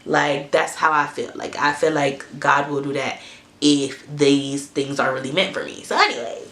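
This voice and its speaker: A young woman, telling a story to her camera in a lively, cussing, chatty way. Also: low voice, normal speed, echoey room. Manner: animated, swears freely, asides to viewers. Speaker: storytime vlogger.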